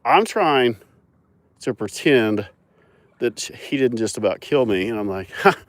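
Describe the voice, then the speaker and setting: A young man telling animated, laughing stories outdoors on a mountain farm, filmed on a phone. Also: medium pitch, takes it slowly, no room sound. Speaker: farmer and animal owner. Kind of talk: casual storytelling vlog.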